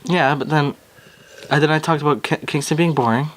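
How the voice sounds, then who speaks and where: A man's voice: on the high side, brisk. A young man from Canada co-hosting a podcast, rambling and swearing in casual chat. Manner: rambling, profane, complaining. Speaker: podcast co-host.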